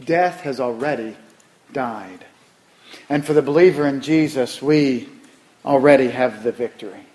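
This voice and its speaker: A man preaching a sermon as pastor, emphatic and animated, repeating phrases for weight. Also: medium pitch, a little slow, long pauses.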